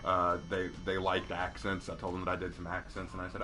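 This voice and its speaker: A man's voice: deep voice, monotone, quick pace, bright, forceful tone, soft background music. A young man hosting a game stream, chatting casually and laughing often. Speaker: streamer and host. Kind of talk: casual chat while gaming.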